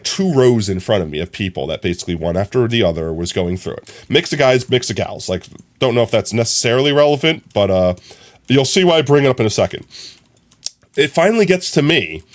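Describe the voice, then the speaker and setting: A young man chatting casually on his live stream, telling stories in an animated, rambling way full of fillers. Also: mid-range voice. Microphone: streaming from a phone.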